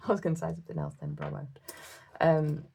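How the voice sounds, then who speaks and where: A British woman vlogs in a casual, giggly ramble, counting numbers aloud under her breath. Her voice sits a little low with a gravelly fry. Noise and clicks sit behind her voice. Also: sing-song, moderate pace, darkish tone. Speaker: budgeting vlogger. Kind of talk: casual chat while cash stuffing.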